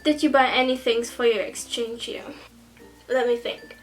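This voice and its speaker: A woman's voice: on the high side, fairly even intonation, normal speed, soft background music, poor audio. A German teenage girl with a German accent doing a casual Q and A vlog, hesitant and self-conscious, stumbling over some words. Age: teens. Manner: hesitant and self-conscious, with nervous laughs and restarts. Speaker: vlogger.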